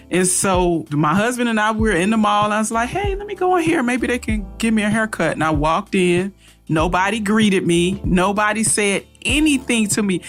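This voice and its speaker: A woman co-hosting a business podcast, giving firm, practical advice in a casual tone and laughing easily. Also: on the low side. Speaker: podcast co-host.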